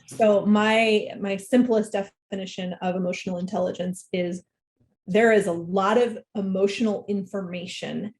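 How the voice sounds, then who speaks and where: A woman speaks as a guest on an interview show, in a mid-range voice. She explains her ideas clearly and in an orderly way. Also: mid-range voice, darkish tone. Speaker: guest, leadership expert. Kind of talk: interview answers.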